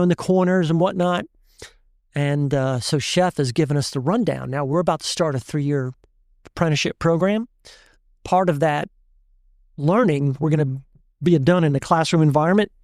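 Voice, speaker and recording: A man, a chef and guest, telling an animated story in casual chat and laughing often. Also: fairly high pitch, normal speed, no room sound, clean studio sound. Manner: animated, laughs often, tells stories with voices.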